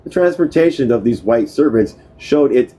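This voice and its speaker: A man's voice: mid-range voice, expressive, moderate pace, warm tone, husky, poor audio. A man reading a history book aloud, often stumbling over words, restarting them and correcting himself. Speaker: book reader.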